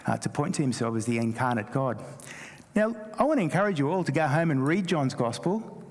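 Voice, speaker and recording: A man's voice: medium pitch, big-room sound. A man whose first language is Greek, preaching a sermon as a pastor and lifting his voice on quoted scripture. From Greece. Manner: animated preaching, rising emphasis on quoted scripture.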